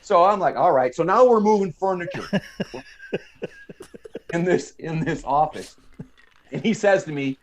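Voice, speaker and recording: A man's voice: a little high, unhurried, long pauses, slight background noise. A man in his fifties, a guest on a podcast, telling a long story from his army days and acting out other people's lines. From United States. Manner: animated storyteller, mimics other people's voices. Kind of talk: storytelling in a casual interview.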